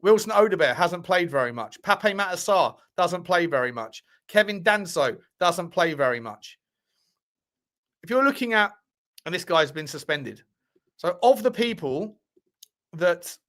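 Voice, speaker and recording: A man's voice: a little high, fairly bright tone. A man hosting a casual football livestream, chatty and thinking aloud, swearing now and then. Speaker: football channel host.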